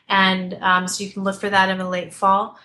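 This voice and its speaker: Bright, chatty woman vocal coach. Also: medium pitch, moderate pace, a little hiss or hum. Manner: animated, chatty, many fillers and restarts. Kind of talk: remote interview, explaining technique. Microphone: desktop computer mic at a distance.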